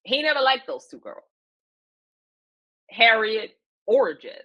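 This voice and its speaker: A woman's voice: a little high, big pitch swings, slow pace, lo-fi sound. A woman recapping a reality show in casual chat, opinionated and emphatic, repeating her points and using slang and fillers. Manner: chatty, with frequent fillers and slang.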